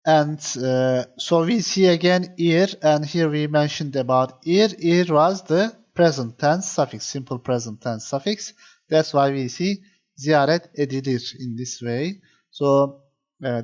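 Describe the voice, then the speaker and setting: A man's voice: on the high side, darkish tone, lo-fi sound. Patient male grammar teacher. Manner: patient, repeats points, many fillers. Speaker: Turkish language teacher. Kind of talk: explaining grammar to viewers.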